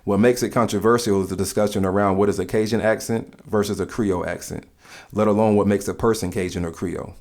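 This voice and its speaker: A man narrating in a calm, measured, scripted way, explaining things to the listener. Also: on the low side.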